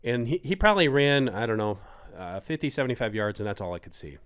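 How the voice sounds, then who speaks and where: A middle-aged man telling a hunting story on a podcast in casual chat, acting out quotes with sudden jumps in pitch. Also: fast talker, smooth. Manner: animated, acts out quotes with big pitch jumps.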